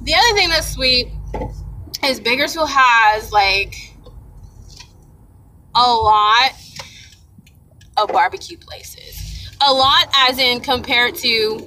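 A young woman from Ohio telling a chatty, excitable, slangy vlog story, recorded in a car. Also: fairly high pitch, slow pace, pauses often, slight background noise, rough recording.

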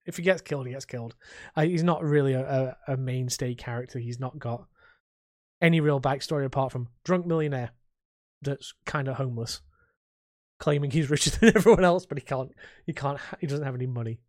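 A man co-hosting a podcast in a casual, rambling chat, full of halting restarts. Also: mid-range voice, darkish tone, no echo, studio quality. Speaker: podcast co-host.

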